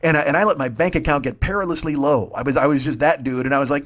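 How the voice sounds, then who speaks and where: Fast-talking, animated man in his fifties. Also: fairly high pitch. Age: 50s. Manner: rambling, swearing, animated storytelling. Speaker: podcast host. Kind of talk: profane comedic monologue.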